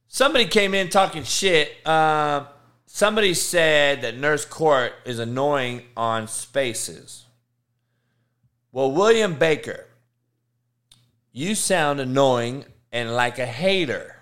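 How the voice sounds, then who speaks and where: A fairly high-voiced man hosts a loose online talk show. He rants in a heated, foul-mouthed way, firing insults straight at trolls in his chat. His tone is brash and confrontational throughout. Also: lively intonation, slow pace, fairly bright tone, smooth. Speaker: show host. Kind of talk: profane ranting talk show.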